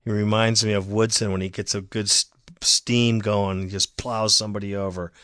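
A man delivering an opinionated sports fan monologue, heated and ranting, swinging from calm talk to raised outbursts. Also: fairly low pitch, normal speed, no room sound, studio quality.

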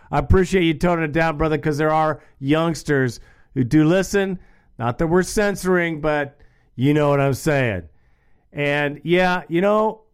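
A man's voice: on the high side, smooth. A man hosting a sports call-in radio show, talking casually and calling the callers brother and bro.

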